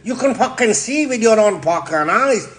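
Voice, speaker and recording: Brash, foul-mouthed Yorkshire man, high voice. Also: moderate pace. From Yorkshire, England. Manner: brash, heavy swearing, deadpan asides. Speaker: cooking show host. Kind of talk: comic cooking demonstration.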